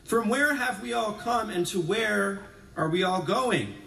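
A male priest delivers a sermon in a conversational, self-deprecating way that settles into quiet reflection. His voice sits a little high for a man. It is heard from a distance in a roomy church with plenty of echo. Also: expressive, measured pace, gravelly, slight background noise. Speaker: Episcopal priest. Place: church sanctuary.

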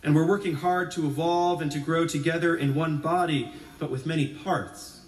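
A man's voice: fairly high pitch, fairly even intonation, normal speed. A male Episcopal priest giving a sermon, chatting easily and with self-deprecating humor before turning reflective. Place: church sanctuary. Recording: roomy church echo from a distance.

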